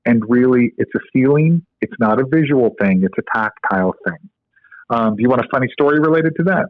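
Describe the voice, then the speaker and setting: A man's voice: medium pitch, lively intonation, fairly quick, no room sound. A man who is a guest on a podcast, explaining medical technique step by step and telling stories with plenty of filler words. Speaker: guest, co-inventor of a medical device. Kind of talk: podcast interview. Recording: tinny phone-like line, dry.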